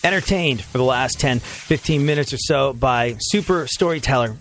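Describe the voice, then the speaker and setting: Relaxed male podcast host over faint music. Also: medium pitch, moderate pace. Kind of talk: casual podcast wrap-up chat.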